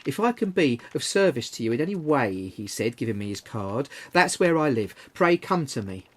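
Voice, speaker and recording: A man reading aloud, voicing a kind grieving father who talks with forced cheer, husky and emotional. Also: medium pitch, very animated, moderate pace. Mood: cheerful.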